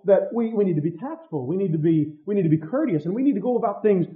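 A man preaching a sermon with passion, swinging between loud outbursts and hushed asides. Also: high voice, expressive, quick pace. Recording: dull lo-fi sound.

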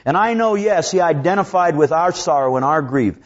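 A man's voice: on the high side, lively intonation. Man preaching a sermon, lo-fi. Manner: preaching with dramatic rises and drops; slows down to draw out scripture quotes. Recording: dull lo-fi recording.

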